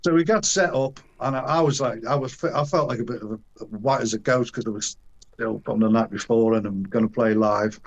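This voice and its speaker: Older man telling a rowdy anecdote. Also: medium pitch. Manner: animated, acts out quoted voices, frequent restarts and chuckles; colloquial, earthy slang. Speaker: interview guest. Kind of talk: casual storytelling anecdote.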